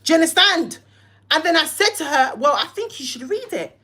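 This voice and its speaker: A woman's voice: high-pitched, big pitch swings, brisk, pushed and bright. A young woman, hosting a livestream and heatedly telling a story, cussing and acting out both sides of phone calls. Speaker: live-stream host.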